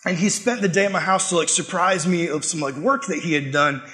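A man preaching a sermon, telling a personal story with animated delivery and quick laughs. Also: a little high. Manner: animated, acts out quotes and laughs while telling stories.

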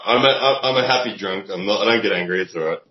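A man's voice: lowish voice, fast talker, roomy sound, dull audio, a crowd in the background. A man, a guest on a podcast, chatting in a laid-back, joking way and laughing easily. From Australia. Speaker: guest, online video creator. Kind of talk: casual podcast chat.

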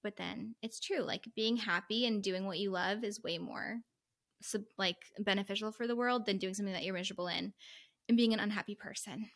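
A woman's voice: mid-range voice, steady tone, a little fast, fairly bright tone. A woman co-hosting a podcast who leads the questions, talking in an earnest, rambling casual way. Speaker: podcast co-host. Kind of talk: casual book-club chat.

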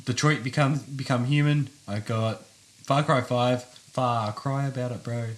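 A man's voice: medium pitch, steady tone, measured pace. Man, casual podcast co-host, easygoing and sweary. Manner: laid-back, swears freely, repeats himself. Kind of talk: casual chat.

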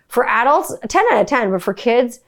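A woman's voice: a little high, a little fast. A woman in her forties hosting a podcast, telling a family story in a casual, rambling way with lots of swearing and filler words. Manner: animated, profane, rambling with many "like" fillers. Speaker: podcast host.

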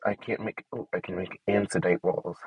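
A man's voice: low-pitched, fairly even intonation, moderate pace, narrow, tinny audio, a little hiss or hum. A man giving casual commentary to himself while he builds in a game. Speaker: gameplay streamer.

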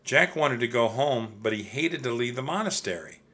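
A man narrating a children's storybook in an expressive, steady reading style. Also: medium pitch, moderate pace. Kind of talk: audiobook storytelling.

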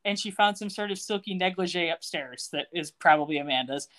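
A woman co-hosting a podcast, retelling a TV episode in casual, animated storytelling. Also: lowish voice, a little fast. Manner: animated storytelling, acting out characters' lines. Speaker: podcast co-host.

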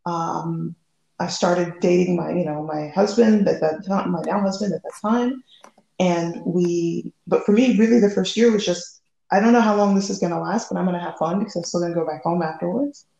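A woman from the United States, a guest telling a personal story in a lively way, acting out the quoted lines. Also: fairly low pitch, moderate pace, vocal fry, roomy sound, rough recording. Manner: lively, acts out quoted dialogue.

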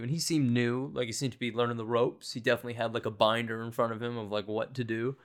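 A man's voice: mid-range voice, steady tone, a little fast, a bit bright. Rambling sarcastic young man podcaster. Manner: sarcastic, self-deprecating, rambling storyteller. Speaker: podcast host. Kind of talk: casual solo podcast rambling.

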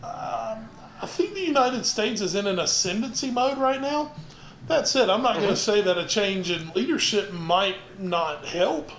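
A man's voice: sits high, animated, normal speed, a bit bright. A man co-hosting a sports podcast, chatting in an easygoing way. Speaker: podcast co-host. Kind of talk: casual sports chat. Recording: roomy, faint hiss.

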